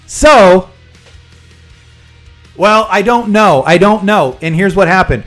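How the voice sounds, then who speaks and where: A man streaming live, chatting with viewers and rambling through a long personal story, pausing to explain terms. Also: high-pitched, expressive, fairly bright tone, faint music behind.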